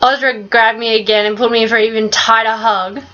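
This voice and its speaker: A young woman narrating her vlog in a voice-over, telling an excited fan story with casual swearing. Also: on the high side, quick pace, lo-fi sound. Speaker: vlogger.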